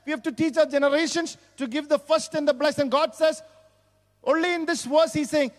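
A man's voice: very high voice, steady tone, normal speed. A man with an Indian accent preaching a sermon as pastor, exclaiming hallelujah and praise the Lord between points. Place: church hall. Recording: long church hall reverb.

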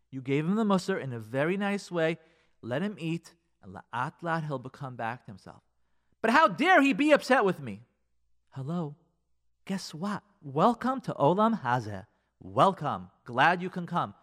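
A man's voice: fairly high pitch, fairly bright tone. A man giving marriage advice on a radio talk show, earnest and emphatic, repeating his key points and acting out quoted spouses. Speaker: radio relationship advice speaker.

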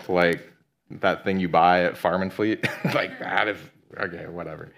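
Deep-voiced man preaching casually. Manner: casual conversational preaching with fillers like "like". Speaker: pastor. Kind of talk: sermon.

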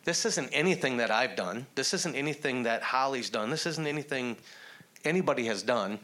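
A man with a bright, forward voice at a middle pitch. He speaks earnestly and plainly, sharing his testimony. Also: animated, moderate pace. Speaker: church member giving testimony with his wife. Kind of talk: spoken testimony.

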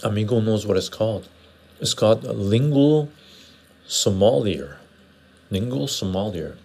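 A man's voice: fairly low pitch, expressive, a little slow, creaky, dark tone. A man from Western Canada hosting a casual livestream, rambling and answering viewer comments in a conversational way. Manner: rambling, conversational, often tags "right?". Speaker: livestream host. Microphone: lapel mic.

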